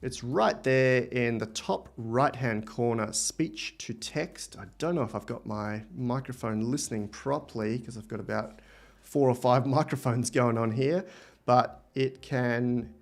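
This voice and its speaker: A man with an Australian accent hosting a live software demo, thinking aloud with enthusiasm as he types and explains. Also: mid-range voice, measured pace. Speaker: livestream host.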